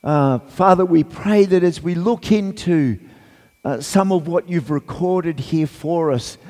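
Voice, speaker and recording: Slow, croaky man preaching in a reverberant hall. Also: high voice. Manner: hesitant, many fillers, then rises into loud fervent reading. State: croaky voice from a cold. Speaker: guest preacher. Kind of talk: sermon with scripture reading and prayer. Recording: long church reverb.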